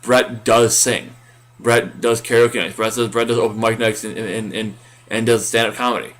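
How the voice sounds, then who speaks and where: A man's voice: fairly low pitch, level tone, moderate pace, fairly bright tone. A man co-hosting a casual recap podcast, rambling with many fillers and restarts. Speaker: podcast co-host.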